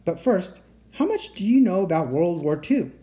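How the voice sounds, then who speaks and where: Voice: mid-range voice, sing-song, normal speed, mellow, pitched above the performer's own voice, natural voice. A reader voicing a polite teenage boy enchanter who speaks in formal, old-fashioned phrasing. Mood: earnest.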